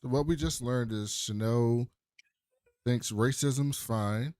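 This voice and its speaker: A man in casual podcast chat, needling his co-host with deadpan jokes. His voice sits in an ordinary middle range. The sound is dry and close. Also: mid-range voice, takes it slowly, clear, resonant tone, dry recording. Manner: dry teasing humor.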